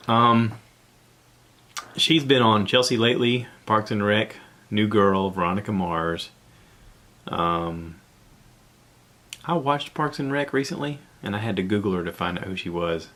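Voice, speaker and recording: A man's voice: lowish voice, fairly bright tone. A man, hosting a casual solo podcast from home in a rambling, easygoing way with frequent chuckles. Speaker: podcast host.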